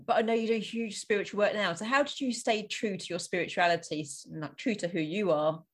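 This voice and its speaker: A woman interviewing her guest in a casual chat, encouraging her and asking gentle personal questions. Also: medium pitch, fairly quick.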